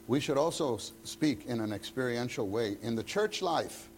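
A man's voice: mid-range voice, animated, a little slow, a little hiss or hum. A man leading a church teacher-training meeting, talking conversationally and acting out bits of dialogue. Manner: conversational, acts out quoted dialogue.

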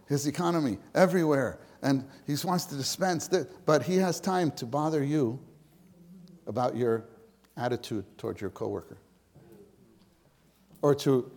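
A church speaker with a medium-pitched voice gives an informal sermon to fellow believers. His delivery is conversational and repetitive, swinging between loud emphasis and hushed, nearly whispered words.

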